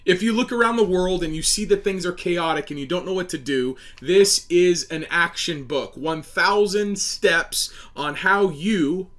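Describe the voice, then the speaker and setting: Male host, fairly high-pitched, forceful and preachy delivery with stumbles. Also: a little slow, few pauses. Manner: emphatic, preachy, stumbles over words. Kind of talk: political monologue.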